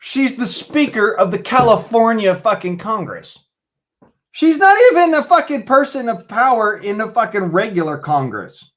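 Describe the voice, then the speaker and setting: A man with a high-pitched voice rants in a hot, profanity-laced tirade. He sounds angry and worked up as he hosts his own stream. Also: very animated, moderate pace, a bit bright. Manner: profane, heated ranting. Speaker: livestream host. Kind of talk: angry political rant.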